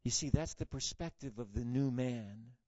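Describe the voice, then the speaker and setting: A man preaching a sermon, deliberate and measured, building to fervent rhetorical questions. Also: mid-range voice, mellow, muffled recording. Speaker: pastor.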